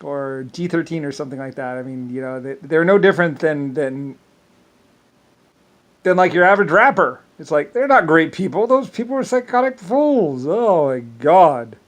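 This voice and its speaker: The speaker is a man whose voice runs a little high for a male, talking in a loose, stop-start monologue. Filler words like "um" and "like" pile up alongside repeated words and small, frequent chuckles.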